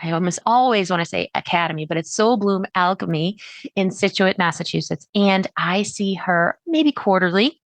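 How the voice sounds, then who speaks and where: A woman hosting a solo podcast, talking in a chatty, animated way with sudden jumps in pitch. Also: moderate pace, no room sound. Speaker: podcast host.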